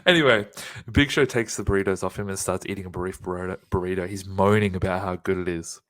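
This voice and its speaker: Male podcast co-host, lowish voice, swears freely while recapping matches. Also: fairly even intonation, fast. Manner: profane, laughing play-by-play recap. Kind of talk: casual wrestling recap chat.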